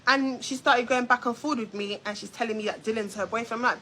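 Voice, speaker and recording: A young woman telling a story on a live stream, talking straight to her viewers in a confrontational, animated way. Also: on the high side, fast talker, hardly any pauses, slight background noise, low-quality recording. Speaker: YouTube storyteller. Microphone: phone or webcam on a live stream.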